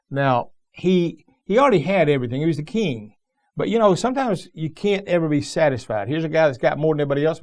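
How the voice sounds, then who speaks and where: Folksy higher-voiced male pastor preaching. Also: darkish tone. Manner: folksy storytelling, plain-spoken and emphatic. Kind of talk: sermon.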